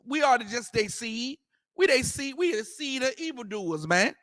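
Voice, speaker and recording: A man's voice: very high voice, lively intonation, normal speed, fairly bright tone, no echo, studio quality. A man teaching a scripture class, preaching emphatically in colloquial street talk and repeating his points. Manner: emphatic, repetitive, prompts reader to go ahead.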